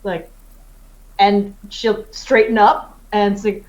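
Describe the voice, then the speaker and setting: A woman playing a tabletop game, describing her character's actions in a measured way. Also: on the high side. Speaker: player. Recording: dull, lo-fi sound.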